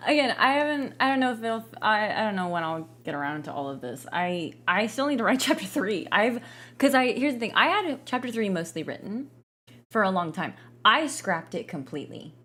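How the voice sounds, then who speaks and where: A woman's voice: medium pitch, big pitch swings, moderate pace, fairly bright tone. A young woman gaming streamer in casual live-stream chat, giggly, rambling and playful.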